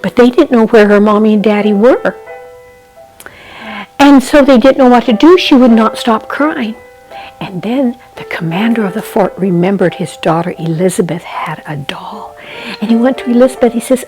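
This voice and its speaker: A woman telling a children's story slowly and expressively, often dropping into a hushed whisper and turning to the listener with asides. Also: on the high side, soft background music, low-quality recording. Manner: slow, gentle delivery with asides to the listener.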